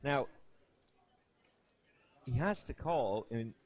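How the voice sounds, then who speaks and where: A man commentating live poker, chatty and telling lively stories. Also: mid-range voice, very slow, a little hiss or hum. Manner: chatty anecdotal storyteller, animated in stories.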